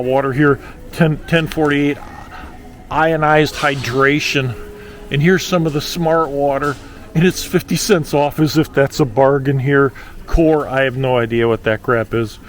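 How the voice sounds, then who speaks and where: A man's voice: mid-range voice, fairly bright tone, slight background noise. A man filming a casual shopping vlog, walking a big warehouse store and talking to the camera in an exasperated way about prices. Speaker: shopping vlogger.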